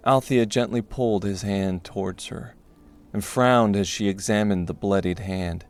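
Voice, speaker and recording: A man narrating a dark fantasy audiobook in a steady, measured way. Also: fairly low pitch.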